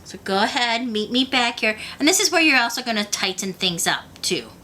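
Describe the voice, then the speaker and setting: Woman, craft tutorial host, bright tone, patient step-by-step guide. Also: on the high side, lively intonation, moderate pace, slight background noise. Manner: patient, talks the viewer through each step. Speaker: beading instructor.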